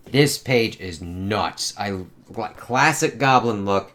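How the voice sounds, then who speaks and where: A man's voice: on the low side, animated, slow pace, fairly bright tone. A man casually reviewing a comic book, rambling and swearing, often restarting words. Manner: rambling, profane, with frequent restarts.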